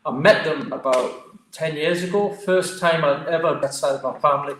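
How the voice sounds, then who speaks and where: A man with a Geordie accent, a martial arts guest telling stories in a lively, chatty way. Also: on the high side, normal speed, slight background noise. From Newcastle, England. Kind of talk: casual storytelling interview. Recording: echoey room.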